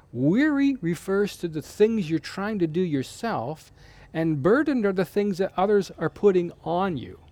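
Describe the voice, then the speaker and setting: A male preacher talks through scripture in a relaxed, explanatory way, his pitch rising and falling with real animation. His voice is warm and mellow, and it sits a little on the higher side for a man. The sound is close and dry. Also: no room sound. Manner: explanatory, conversational, with frequent restarts. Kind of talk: Bible teaching sermon.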